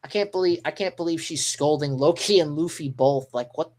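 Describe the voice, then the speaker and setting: Excitable man rambling through a reaction stream. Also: on the high side, a little fast. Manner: excitable, rambling, mild swearing. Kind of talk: live reaction commentary.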